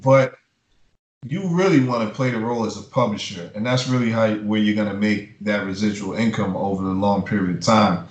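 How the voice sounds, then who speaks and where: A man's voice: on the low side, a little fast, muffled recording. A man who works as a music publisher, giving blunt, profane advice in a casual interview and ranting with heat. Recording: roomy echo.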